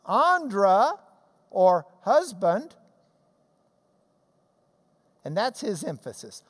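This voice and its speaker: A man giving a Bible class lecture, animated and emphatic with jokey asides. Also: sits high, extremely slow. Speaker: Bible teacher. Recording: long reverb of a large hall.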